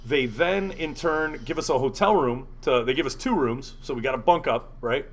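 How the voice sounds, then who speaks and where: A man hosting a casual talk show, telling a story in an animated, profane way. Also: mid-range voice, normal speed. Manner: animated, profane, acts out quotes. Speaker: podcast host.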